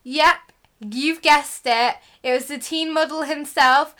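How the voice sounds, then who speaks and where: A woman's voice: high voice, takes it slowly, sharp tone. A woman co-hosting a podcast in casual chat, answering listeners with playful, sarcastic teasing. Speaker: podcast co-host.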